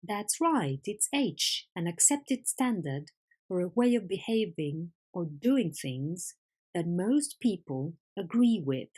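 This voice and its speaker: Female English teacher, Spanish native speaker, slightly low voice, patient and clear, recorded lesson. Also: takes it slowly. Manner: patient, clear, lively questioning.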